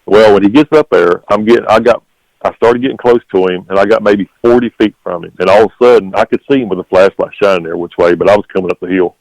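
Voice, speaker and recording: A man's voice: on the low side, fast, creaky, darkish tone, no room sound, poor audio. A man, a guest telling his encounter story in a rambling, repetitive way. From North Carolina. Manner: rambling, repeats "literally" and "okay?".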